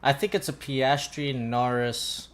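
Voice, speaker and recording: A man chats casually during a gaming stream, swearing and reacting to the game as he talks. His pitch is average for a man. A faint hiss runs under his voice. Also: steady tone, a little slow. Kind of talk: casual chat while gaming.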